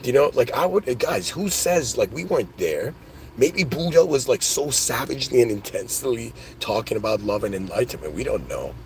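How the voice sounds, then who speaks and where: A man hosting his own podcast, rambling excitedly through spiritual ideas in a casual monologue, full of "dude" and "like". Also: mid-range voice, fairly quick, slight background noise. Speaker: podcast host.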